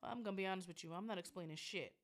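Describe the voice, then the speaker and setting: A woman co-hosting a casual podcast chat, an animated storyteller who laughs often. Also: lowish voice, very fast. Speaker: podcast co-host.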